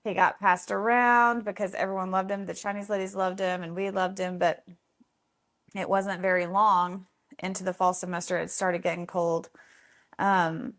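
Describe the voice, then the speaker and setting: A woman telling stories from the foster home she runs, conversational and animated, voicing other people in the story with sudden jumps in pitch. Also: normal speed. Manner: animated, acts out quotes with big pitch jumps.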